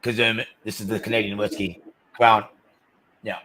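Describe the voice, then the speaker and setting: A laid-back man drops short, easygoing remarks while sharing a drink on a casual panel. His low voice comes through a noticeably noisy connection, with clicks in the background. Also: flat delivery, moderate pace, bright, forceful tone.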